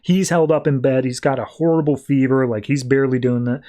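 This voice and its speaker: A man's voice: medium pitch, steady tone, brisk, warm tone. A man hosting a podcast, recapping a comic book issue in a loose, conversational way full of "like" and "uh". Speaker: podcast host.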